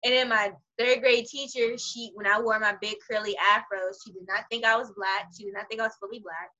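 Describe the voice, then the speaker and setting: A young adult woman telling stories in a casual chat over a video call, animated, profane and quick to laugh. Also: medium pitch. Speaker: conversation partner. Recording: muffled video-call audio.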